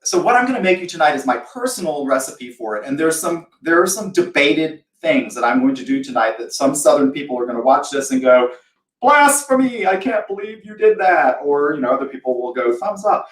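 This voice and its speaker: A man's voice: mid-range voice, fairly quick, hardly any pauses, far from the mic. A man from the American South talks through a recipe on a live cooking show, chatty and self-deprecating, with a mid-range voice. He sits back from the microphone, and his voice bounces around a roomy home kitchen. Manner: chatty, self-deprecating, acts out imagined reactions. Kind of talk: casual live cooking demo.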